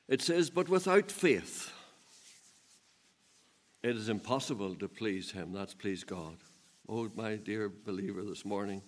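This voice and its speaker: A man preaching a sermon, swinging between loud emphatic peaks and low, quiet asides, with a chuckle now and then. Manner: laughs while telling stories.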